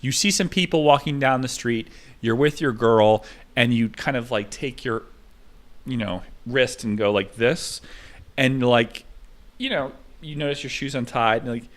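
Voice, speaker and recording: A young American man rambles through a digressive monologue, hopping from topic to topic as he tells stories. He speaks at a medium pitch and an unhurried pace.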